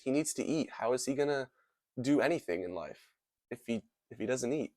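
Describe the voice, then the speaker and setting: A man's voice: mid-range voice, expressive, brisk, dark tone, no room sound, studio quality. Rambling young man roasting a movie. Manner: rambling, hyperbolic, full of "like" and "dude". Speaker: movie reviewer. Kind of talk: casual comedic movie commentary.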